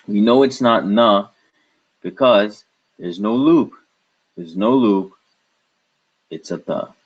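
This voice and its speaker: A man's voice: on the low side, takes it slowly, breathy edge. A man teaching a language lesson, patiently breaking words into syllables and repeating them. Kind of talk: slow step-by-step lesson. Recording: dull lo-fi recording.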